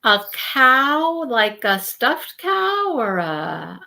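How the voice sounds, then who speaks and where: A woman hosting a casual live stream, chatting with viewers and telling stories in an animated way. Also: a little high, very slow, creaky. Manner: chatty, animated storytelling, greets viewers by name. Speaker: livestream host.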